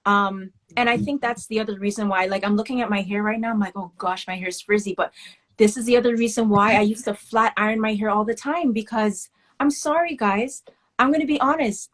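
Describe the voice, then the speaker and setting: A woman of West Indian heritage talking candidly as an interview guest, telling animated stories about her work and childhood. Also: fairly high pitch, brisk. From West Indian family. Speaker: guest, children's book author. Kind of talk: casual interview talk.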